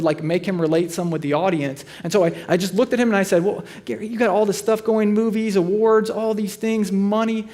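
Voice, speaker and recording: A man in his thirties preaching a sermon, telling stories with dry humor and slowing to a quiet delivery on serious points. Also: sits high. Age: 30s. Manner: conversational storytelling with dry humor. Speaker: pastor.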